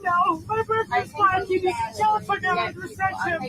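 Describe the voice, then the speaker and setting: Young woman, sobbing and yelling, piercingly high voice, noisy phone footage. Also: steady tone, moderate pace, over a noisy crowd. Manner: insulting, profane, yelling. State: crying and shouting. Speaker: passenger in a filmed altercation. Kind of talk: heated confrontation. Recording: noisy phone-filmed clip.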